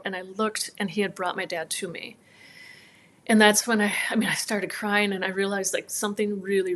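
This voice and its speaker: A woman in her thirties from northern Minnesota, a chiropractor guest telling a personal story with heartfelt emotion and acting out the dialogue. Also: mid-range voice. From northern Minnesota, USA.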